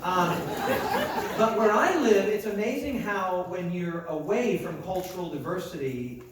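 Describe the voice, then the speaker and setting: A man's voice: high-pitched, measured pace, background noise. A young American man, a pastor, telling stories in a chatty, self-mocking conference sermon full of asides and acted-out dialogue. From United States. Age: young adult. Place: large conference hall. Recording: very echoey hall, mic far off.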